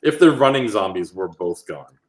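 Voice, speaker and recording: A man answering fan questions on a casual livestream, rambling and relaxed with plenty of fillers. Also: lowish voice, normal speed.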